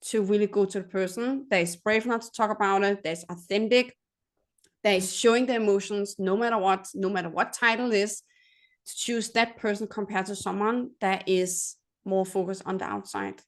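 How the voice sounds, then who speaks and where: A woman's voice: mid-range voice, steady tone, moderate pace. A woman host asking questions in an interview, earnest, with slightly phrasing. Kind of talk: interview hosting.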